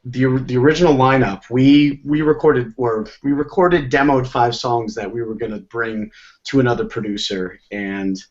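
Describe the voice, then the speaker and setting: A man's voice: mid-range voice, fairly even intonation, normal speed, highs cut off. A young man from Connecticut, a band member guest chatting casually and rambling with frequent restarts. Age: young adult. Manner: rambling, stumbles and restarts often. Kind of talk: casual chat.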